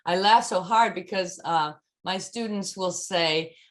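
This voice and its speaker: A woman's voice: on the low side, a little slow. A woman voice and text coach talking casually in an online chat, with frequent fillers as she demonstrates speaking tips. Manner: chatty, many fillers, demonstrates lines.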